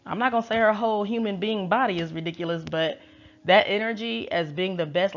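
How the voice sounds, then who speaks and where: A woman's voice: medium pitch, fairly quick. A woman tarot reader recapping in a chatty, slangy and wry casual way. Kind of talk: casual chat. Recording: dull lo-fi recording.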